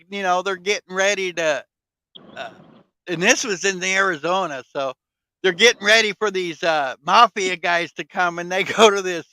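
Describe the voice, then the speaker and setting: A man's voice: high-pitched, pushed and bright, smooth, poor audio. A man in casual chat, telling rambling stories with fillers, swearing and frequent laughter.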